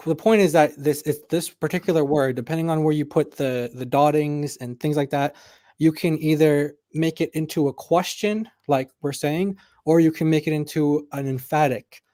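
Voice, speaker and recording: Higher-voiced man explaining, dry sound. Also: steady tone, dark tone, no room sound. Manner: halting, repeats words while explaining. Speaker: co-host in a debate stream. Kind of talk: live online debate.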